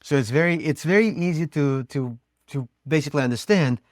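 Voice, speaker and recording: A man's voice: on the high side, a little fast, dry recording, clean studio sound. A man co-hosting a podcast interview who speaks hesitantly, repeating words as he eases into a question. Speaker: podcast co-host.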